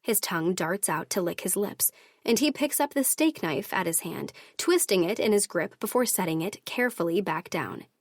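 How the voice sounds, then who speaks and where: Woman audiobook narrator, first-person romance, measured and steady, dead-dry booth. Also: on the low side, no echo.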